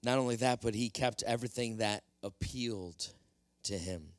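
A man's voice: on the low side, normal speed, no room sound. A male pastor preaching a sermon, earnest and explanatory, addressing the congregation directly.

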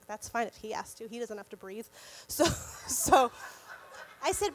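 High-voiced woman telling a faith story. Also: measured pace. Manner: animated, laughing often while telling a story. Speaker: speaker sharing a faith testimony. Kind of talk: casual Christian storytelling to viewers.

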